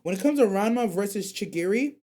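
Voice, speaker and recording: A man's voice: sits high, lively intonation, brisk, mellow. A young man hosting an anime call-in radio show, chatting casually and reading viewer comments in loose, slang-heavy rambles.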